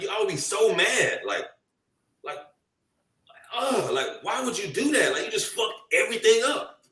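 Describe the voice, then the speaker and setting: Animated young man, roomy off-mic sound. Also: high-pitched, far from the mic. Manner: animated, slangy storytelling with acted-out quotes. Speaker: podcast co-host. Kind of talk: casual group chat.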